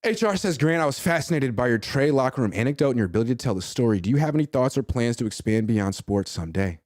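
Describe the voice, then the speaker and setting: A man's voice: medium pitch, fast, no room sound, clean studio sound. A man in his thirties hosting a casual sports talk show, joking and acting out what others say. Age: 30s. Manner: animated, jokey, acts out quotes. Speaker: podcast host.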